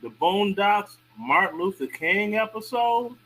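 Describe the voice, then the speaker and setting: A man on a podcast, animated and incredulous as he talks things through. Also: high voice, measured pace, low-quality recording. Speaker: podcast co-host. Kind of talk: casual discussion.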